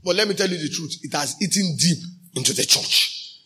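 A male pastor with a Nigerian accent preaching a sermon, slipping into pidgin phrases and breaking into shouted emphasis. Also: fairly high pitch, animated, a little fast, slight background noise.

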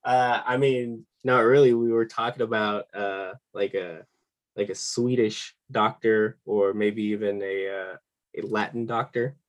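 A man speaking as a guest on a comedy podcast, hesitant and dryly putting himself down. He talks very slowly, and the sound is dry and close. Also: on the low side, level tone, dry recording. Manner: self-deprecating, hesitant, dry. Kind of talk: casual chat.

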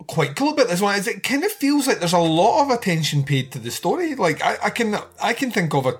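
A man's voice: high-pitched, very animated, fast, slightly rough. Rambling man reviewing a horror film. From outside the United States. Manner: rambling, frequent fillers and swearing, laughs often. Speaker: podcast co-host. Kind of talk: casual film review chat.

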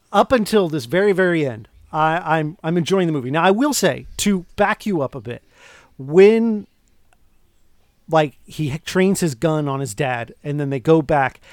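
Animated man recapping a movie. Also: on the high side, no room sound, clean studio sound. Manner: animated, retells scenes with quoted lines and restarts. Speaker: podcast co-host. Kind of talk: casual movie review chat.

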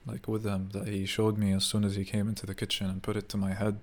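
A man's voice: on the low side, monotone, fast talker. A young man venting in a rambling, profane casual monologue, full of fillers.

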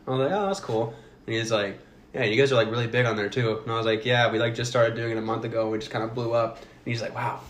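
A man's voice: mid-range voice, little pitch movement, very fast, fairly bright tone, roomy sound, a little hiss or hum. A young man co-hosting a podcast, chatting casually, joking and laughing as he tells stories. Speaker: podcast co-host. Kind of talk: casual chat.

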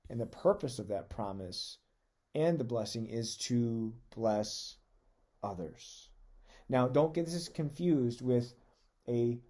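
A man's voice: mid-range voice, warm tone. A man preaching a conversational sermon on a podcast, earnest and reading scripture aloud with emphasis.

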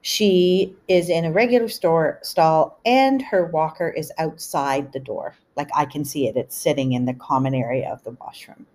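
A middle-aged woman hosting a podcast, telling a family story in an animated, chatty way full of asides. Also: low voice, normal speed, hardly any pauses. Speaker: podcast host. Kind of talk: storytelling monologue.

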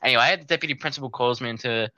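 A man's voice: medium pitch, very fast, bright, forceful tone. A young man telling a rambling, sweary story in casual chat, acting out his younger self. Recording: dull lo-fi dry sound.

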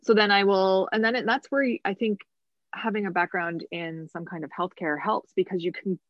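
A woman's voice: mid-range voice, fairly even intonation, brisk, no room sound, dull audio. A woman guest on a podcast, talking casually about her bodywork practice, laughing often and thinking aloud with restarts. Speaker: guest, massage therapist and medical intuitive.

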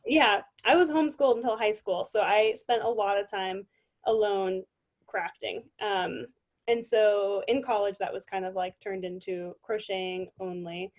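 A woman's voice: mid-range voice, steady tone, moderate pace. A young woman as a guest on a casual interview show, talking with many fillers.

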